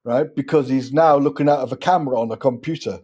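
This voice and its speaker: A man hosting a podcast, chatting in an easygoing way with quick encouraging interjections. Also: medium pitch, a little mellow, husky. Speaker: podcast host. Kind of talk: casual chat.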